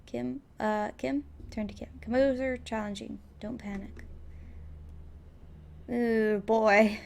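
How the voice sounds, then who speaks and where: Creaky-voiced woman playing a game. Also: on the high side, steady tone, takes it slowly. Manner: playful, reads game text aloud, swears, laughs often. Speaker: let's player. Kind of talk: casual gameplay commentary.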